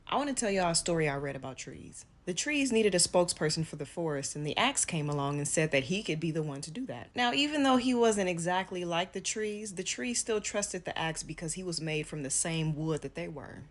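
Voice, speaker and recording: A woman's voice: fairly low pitch, animated, fairly quick, few pauses. A woman giving pointed social commentary through a parable.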